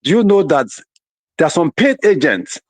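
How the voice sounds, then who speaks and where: A man calling into a talk show, talking in an animated way, repeating himself and acting out how others reacted. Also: fairly high pitch, moderate pace, no echo. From United States. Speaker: caller. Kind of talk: casual talk show call.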